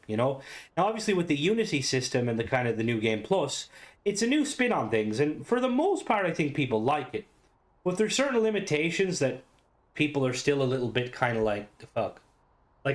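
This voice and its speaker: A young man talks off the cuff about a game he loves, circling back on himself with plenty of "like" and "you know". His voice sits at an ordinary middle pitch, and he drops in a casual swear now and then. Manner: rambling, many fillers and restarts, swears casually. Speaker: gaming YouTuber. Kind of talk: casual unscripted commentary.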